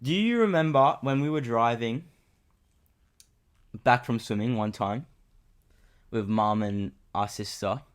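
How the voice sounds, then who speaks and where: A young man from Australia co-hosting a casual podcast, telling stories in an animated, swearing way. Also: medium pitch, measured pace, pauses often. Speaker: podcast co-host. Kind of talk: casual chat.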